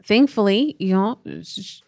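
A woman's voice: medium pitch, measured pace, darkish tone, no room sound, studio quality. A woman in her forties co-hosting a parenting podcast, telling a painful family story in an earnest, tender way with many "you know" fillers. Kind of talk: emotional personal story on a podcast.

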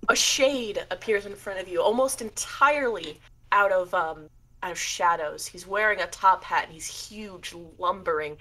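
A woman's voice: mid-range voice, moderate pace, pushed and bright. A young woman narrating a tabletop game as game master, descriptive with many fillers.

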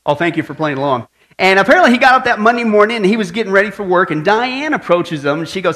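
A man's voice: high voice, fast talker. A man preaching a sermon, opening with a long joke and then turning to teaching, tagging many lines with "right?" to draw in the congregation. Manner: animated storyteller, tags lines with "right?". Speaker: pastor.

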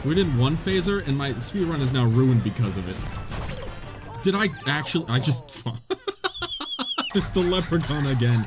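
A young man giving comedic, excitable commentary while playing a video game, laughing often, with game music behind him. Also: high-pitched, moderate pace. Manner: joking, excitable, frequent laughter. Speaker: gaming YouTuber. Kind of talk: comedic let's-play commentary.

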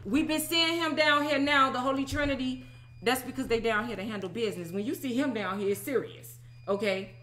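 Bright-voiced woman telling a testimony. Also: high voice, fairly quick, slight background noise. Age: 30s. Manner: animated, emphatic storytelling with repeated "okay?". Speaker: religious teacher. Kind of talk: personal testimony talk.

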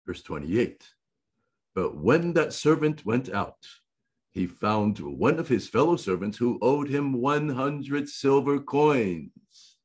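Male preacher, slow and emphatic sermon delivery, husky tone, lively rises and falls in pitch. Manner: slow, deliberate reading with emphatic repetition. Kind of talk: sermon reading and explaining scripture.

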